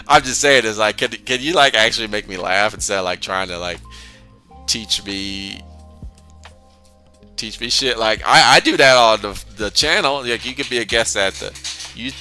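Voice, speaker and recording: A man with a lowish voice and a sharp tone hosts a philosophy discussion channel. In this casual conversational monologue, he rambles, restarts frequently, and chuckles often between points.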